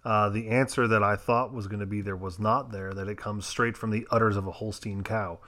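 A man's voice: fairly low pitch, fairly even intonation, a little fast, hardly any pauses, bright, forceful tone. A man competing in a trivia game, hesitant when answering and playful in his banter. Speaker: contestant.

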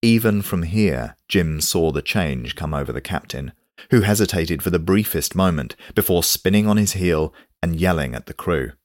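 A man with a very low voice narrates an audiobook in a steady, measured way. The sound is close and dry, with no room around it. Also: dry recording. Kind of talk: scripted narration.

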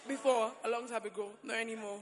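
A woman in the congregation giving soft, hesitant replies to a preacher. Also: a little high, steady tone, fast talker. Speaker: congregation member. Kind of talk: answering the preacher. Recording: off-mic in a reverberant hall with crowd.

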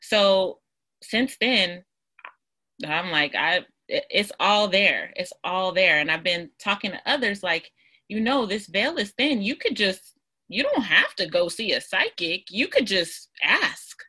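A woman's voice: medium pitch, very animated, measured pace, bright, forceful tone, slightly rough. A woman in her thirties hosting a casual interview, eager and thinking aloud, with frequent restarts. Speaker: podcast host.

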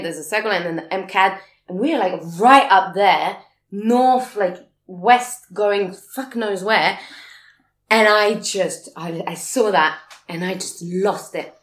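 Woman, casual storyteller, animated and profane, mid pitch, echoey room. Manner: swearing, animated, laughs often. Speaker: guest telling a story. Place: living in a big city abroad.

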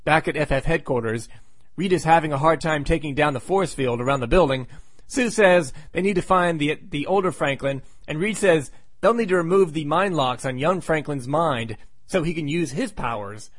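A man's voice: a little high, normal speed, dry recording. Wry man recapping in a dry room. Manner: wry, sarcastic asides. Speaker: comic book reviewer. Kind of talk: casual recap with asides.

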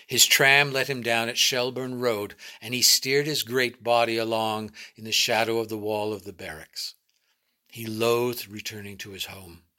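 A man reading a short story aloud in a measured, dramatic narration. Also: mid-range voice, steady tone, sharp tone. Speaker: reader.

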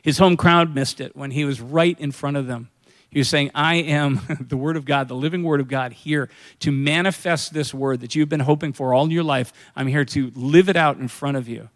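A man's voice: on the high side, normal speed. A man preaching a sermon in a conversational way, asking his congregation questions and acting out what people say. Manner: conversational preaching, acts out quoted voices, asks the congregation questions. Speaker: pastor.

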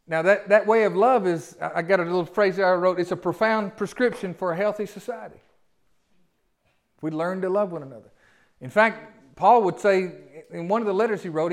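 A man, a pastor giving a sermon in a folksy style with rhetorical questions. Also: high voice.

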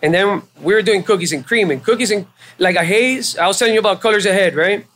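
A man with a fairly high voice tells his story on a podcast, loose and casual. He swears freely and jumps into the voices of the people he's quoting, keeping the telling animated. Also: quick pace, slight background noise. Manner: animated and profane, acting out quoted exchanges. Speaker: podcast guest. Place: live show at a venue.

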